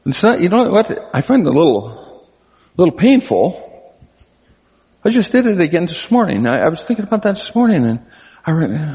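An older preacher gives a conversational sermon in a husky, slightly breathy, darkish voice. Earnest and sing-song at a moderate pace, he pauses often, and his pitch leaps high when he stresses a point. A long hall reverb trails after his words.

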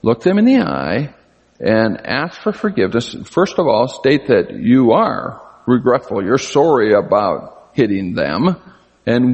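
An older man delivers a conversational sermon with a husky, slightly breathy voice. He talks earnestly and his voice jumps up high when he stresses a point. The sound trails off in a long hall reverb. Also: very animated, slow pace, a little mellow. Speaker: preacher.

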